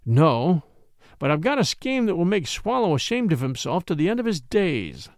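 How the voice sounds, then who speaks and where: A man's voice: a little high, sing-song, moderate pace, no room sound, clean studio sound. A man reading the part of a resolute young lawyer, firm and commanding, eager when a plan takes shape. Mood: determined, eager.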